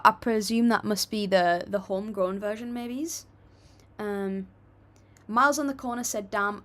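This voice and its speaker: A young woman with a British accent chats casually on her livestream, reading out viewer comments and answering each one in a relaxed, friendly way. Her voice sits at a medium pitch, and her talk is loose and conversational. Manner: chatty, friendly, reads comments aloud then replies. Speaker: livestream host reacting to music.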